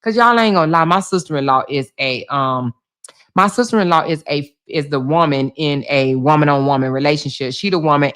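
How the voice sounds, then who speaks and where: A woman with laryngitis hosting a casual livestream, talking loudly to her viewers, full of laughs and exclamations. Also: low-pitched. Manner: loud, laughing, animated, talking to chat as "y'all". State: hoarse with laryngitis. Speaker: livestream host.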